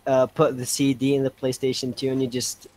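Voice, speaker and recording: Excitable man, mid-pitched, chatty. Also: fairly quick, no room sound. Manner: excitable, exclaiming and laughing. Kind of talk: casual podcast chat.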